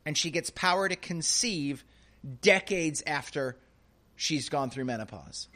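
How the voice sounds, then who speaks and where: A male pastor preaching an expository sermon in a lively, conversational way. He keeps asking "right?" and repeats key phrases for emphasis. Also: fairly high pitch, measured pace. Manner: animated, conversational preaching with frequent rhetorical "right?".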